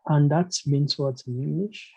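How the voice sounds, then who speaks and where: Slow, hesitant male language teacher. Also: on the high side, creaky, lo-fi sound, slight background noise. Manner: hesitant, many fillers and "you know"; asks learners questions, encouraging. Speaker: German teacher. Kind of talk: online language lesson.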